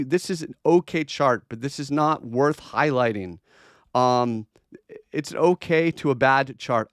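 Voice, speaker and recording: A man's voice: on the high side, clean tone, dry recording, clean studio sound. A man hosting a crypto trading livestream, chatting casually and bluntly as he answers viewer requests, with plenty of fillers and restarts. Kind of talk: casual livestream chart commentary.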